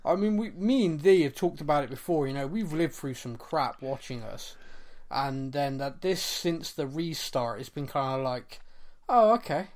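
Male podcast host from England, chatty, quick to laugh, slightly high voice. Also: darkish tone. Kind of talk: casual chat.

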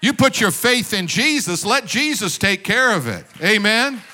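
A man's voice: high-pitched, animated, measured pace, sharp tone. A male pastor preaching a sermon emphatically, firing rhetorical questions, calling out for amens and tossing in joking asides to the congregation.

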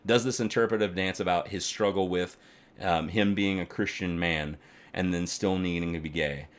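Deep-voiced man rambling in casual chat. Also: normal speed. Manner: rambling, animated, swears often, many fillers.

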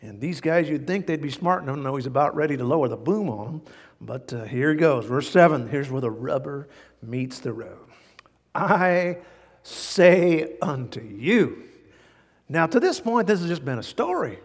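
A man preaching a sermon as a pastor, animated, with sudden jumps in pitch and loudness. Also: brisk, husky, big-room sound.

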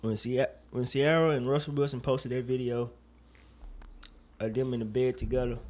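A man hosting a casual podcast, talking in an animated, jokey way with plenty of profanity and rambling asides. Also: mid-range voice. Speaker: podcast host. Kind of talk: casual chat.

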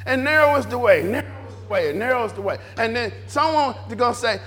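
A man preaching in a church with a high, lively voice that swings widely in pitch. He talks in an animated way, stacks repeated phrases and acts out back-and-forth dialogue in character. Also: brisk, few pauses. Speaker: pastor. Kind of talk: sermon.

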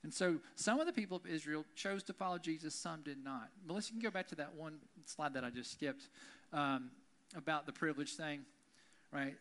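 A man's voice: on the high side, a little fast, fairly bright tone. A male pastor preaching a conversational sermon, often checking in with the congregation. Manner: conversational, keeps asking "right?".

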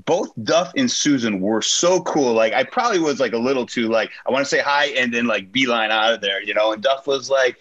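A man chatting as a guest on a podcast, rambling through a story with many fillers and restarts. His voice sits at a middling pitch. The sound is a bit dull and lo-fi. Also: brisk, hardly any pauses, fairly bright tone. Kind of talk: casual chat.

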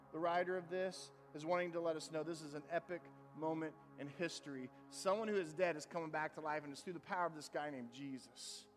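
A man with a high voice preaches an Easter-style sermon, reading scripture and pressing his points with mounting fervor. His voice carries through a big room with a long reverb, and soft music sits underneath. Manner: preaching with rising intensity, reading scripture aloud. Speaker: pastor.

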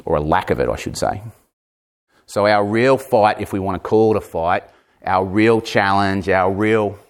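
A man in his forties preaching a sermon, emphatic, repeating words and moving between raised and hushed delivery. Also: sits low. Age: 40s.

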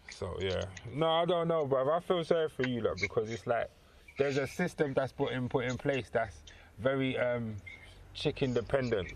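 A man chatting casually on a podcast, telling stories in an animated, slangy way. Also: medium pitch, background noise. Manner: animated storyteller, slangy and laughing. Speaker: podcast co-host. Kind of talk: casual chat.

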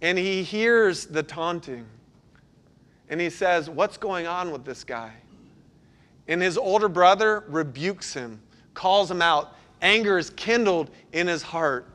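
A middle-aged man, a pastor, preaching a sermon and telling stories, sometimes breaking into loud bursts. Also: sits high, takes it slowly. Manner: storytelling, animated with sudden loud bursts.

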